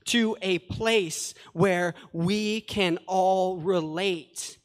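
Through a long, echoing hall reverb, a male pastor delivers a sermon at a very slow pace in a high-pitched voice. He speaks earnestly and conversationally, breaking up the scripture with simple paraphrases and side comments.

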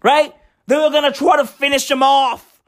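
A woman hosting a comedic podcast, ranting in slangy, profane, excitable talk. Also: high-pitched, normal speed, raised voice. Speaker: podcast host.

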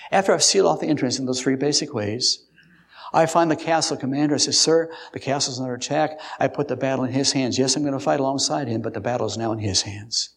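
A man's voice: medium pitch, fast, vocal fry. An older man preaching an earnest sermon to his congregation, laying out numbered points and telling a story from his own childhood. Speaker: pastor.

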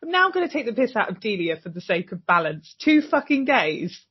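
A woman co-hosting a casual recap podcast, animated and swearing freely as she acts out characters' lines. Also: mid-range voice, fairly quick, breathy edge. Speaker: podcast co-host. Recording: dull lo-fi sound.

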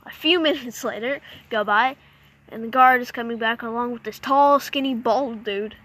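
Bright, high-voiced playful storyteller woman. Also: moderate pace. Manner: animated, jokey, makes mouth sound effects.

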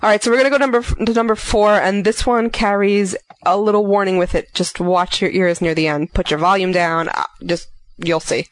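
A woman from New York co-hosting a podcast in casual chat, giggly and excitable. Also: medium pitch, brisk, low-quality recording. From New York, USA. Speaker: podcast co-host.

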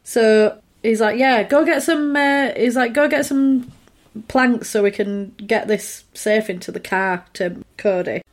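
A chatty woman retells a film plot in casual conversation. She slips into the characters' lines as she goes, animated and quick. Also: on the high side. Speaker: podcast co-host recapping a film. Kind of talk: casual chat.

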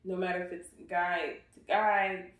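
A woman's voice: fairly low pitch, level tone, a little slow. A woman co-hosting a casual Bible study chat, chiming in with short agreeing remarks. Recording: roomy echo, distant from mic.

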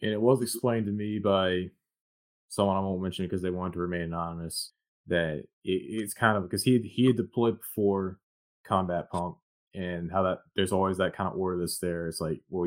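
Low-voiced man asking casual questions. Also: brisk. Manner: relaxed, conversational, leans on "like". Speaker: interviewer.

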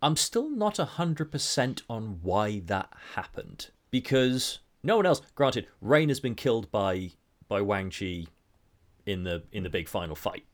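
A young man casually talking through film scenes on a podcast, chatty with quick asides. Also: lowish voice, sing-song. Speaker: podcast host.

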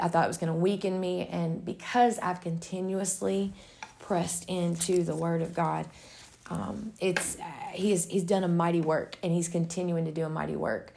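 A woman's voice: fairly low pitch, gravelly. A woman giving an earnest, heartfelt faith-based encouragement talk. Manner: earnest, heartfelt, with some restarts. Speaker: devotional speaker.

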